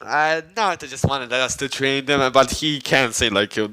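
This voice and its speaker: A man's voice: medium pitch, moderate pace, background noise. A man casually retelling a fan-made story, rambling, cursing and full of slang and fillers.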